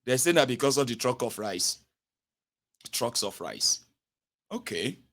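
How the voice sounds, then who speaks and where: A young Nigerian man with a Pidgin-inflected accent giving a mocking, animated satirical political monologue, swinging from loud rants to low mutters. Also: measured pace. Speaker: political commentator.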